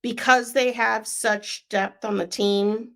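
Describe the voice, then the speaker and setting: Slow-talking young woman podcaster. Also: fairly high pitch, fairly even intonation, creaky, a bit bright. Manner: chatty, frequent "um" and "like" fillers. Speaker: sports podcast co-host. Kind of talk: casual podcast chat.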